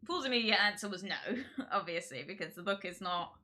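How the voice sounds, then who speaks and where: A woman hosts her livestream, chatting casually and rambling with giggles, restarts and self-interruptions. Her mid-range voice is pushed and bright, with lively intonation and a brisk pace.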